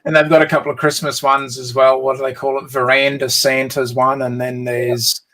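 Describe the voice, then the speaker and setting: A man's voice: mid-range voice, level tone, normal speed, sharp tone, rough recording. An Australian man joining a livestream as a guest, chatting in a friendly way with many fillers and restarts. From Sydney, Australia. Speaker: guest co-builder. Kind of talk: casual chat.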